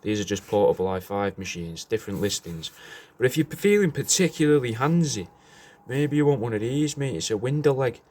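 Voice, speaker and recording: A man, rambling through a deadpan sales pitch for his taxidermy art, slangy and swearing, saying "mate" a lot. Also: fairly quick. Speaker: taxidermy artist showing his work.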